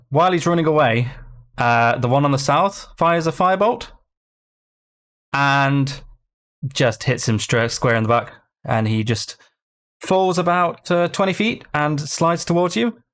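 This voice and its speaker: A man running a tabletop game as game master, narrating haltingly and correcting himself often. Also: on the high side, expressive, a bit bright, clear, resonant tone.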